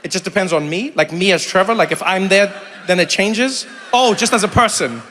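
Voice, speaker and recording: A man in his thirties with a South African accent doing stand-up crowd work, animated and breaking into loud high impressions. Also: fairly quick. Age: 30s. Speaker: stand-up comedian. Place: large theater stage. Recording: live hall with faint crowd noise.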